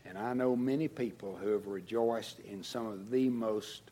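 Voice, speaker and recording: A man preaching a sermon as pastor, swinging from raised emphatic lines down to soft, low endings. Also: moderate pace. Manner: dynamic preaching, rising to emphasis then dropping low and soft.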